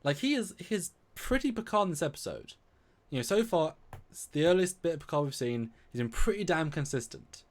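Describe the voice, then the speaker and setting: Animated man co-hosting a live review. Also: a little high, a little fast. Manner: animated, acts out lines in quoted voices. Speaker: co-host of a live review stream. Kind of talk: casual live discussion.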